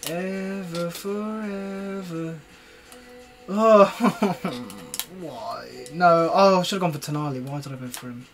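A young man live-streams a video game, swearing a lot and ranting at himself in exasperated, casual commentary. His fairly high voice is animated and unhurried, with vocal fry. Soft music plays in the background.

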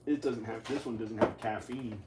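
A man rambling in a casual vlog in his home kitchen, halting and repeating himself. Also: lowish voice, fairly even intonation, very noisy. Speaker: vlogger.

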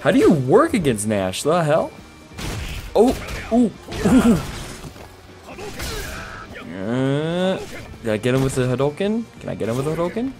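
A man narrating his own gameplay in an excitable rush, his pitch jumping all over as he swears and hollers at the screen. Faint music plays underneath him. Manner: loud, swearing, quick to shout and groan. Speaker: gamer playing a fighting game.

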